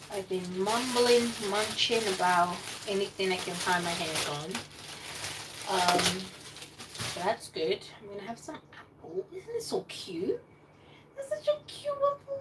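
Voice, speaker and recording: A woman hosting a casual cooking live stream from her home kitchen, chatty and excitable, rambling as she goes. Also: medium pitch. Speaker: cooking livestream host. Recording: distant mic with clear room noise.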